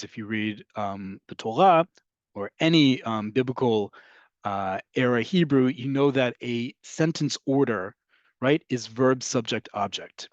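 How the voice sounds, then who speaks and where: A man's voice: medium pitch, no room sound, lo-fi sound. A man teaching an online class, explaining steadily and often checking in with "right?" and "okay?". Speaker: Hebrew teacher.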